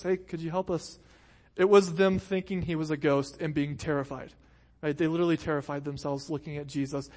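Man preaching in a chatty, questioning way. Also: a little high. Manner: conversational preaching, frequent "right?" asides. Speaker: pastor. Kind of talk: sermon.

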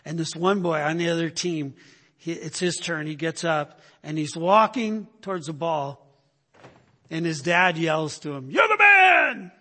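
An older man preaching a sermon, telling animated stories and repeating phrases for emphasis. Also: on the high side, measured pace. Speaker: pastor. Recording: long hall reverb.

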